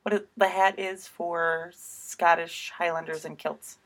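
A woman co-hosting a podcast in casual chat, enthusiastic and quick to laugh. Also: lowish voice, steady tone. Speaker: podcast co-host.

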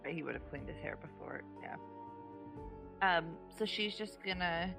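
A woman's voice: lowish voice, a little slow, creaky, over music. A woman playing in a tabletop game, playful and hesitant with fillers. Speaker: player.

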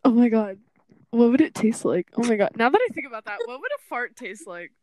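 A woman chatting crudely on a podcast, giggling and breaking into loud outbursts. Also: on the high side, sing-song, fast talker, no echo. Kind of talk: giggly casual chat. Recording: noisy mic with clicks.

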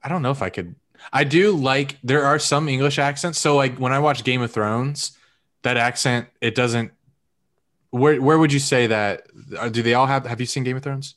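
A man's voice: medium pitch, moderate pace, fairly bright tone. A young American man with an American accent, chatting casually and joking around. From United States. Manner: joking, laughing often. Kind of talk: casual chat.

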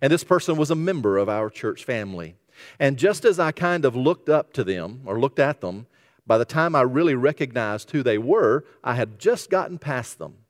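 A man preaching a sermon as pastor, telling stories and dropping to a hushed voice when he quotes. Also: medium pitch, expressive, moderate pace. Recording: reverberant hall.

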